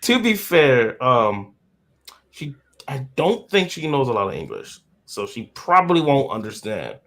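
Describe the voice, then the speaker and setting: A man's voice: medium pitch, wildly swooping pitch, a little slow, fairly bright tone. A man in a casual chat, teasing and crude, laughing often.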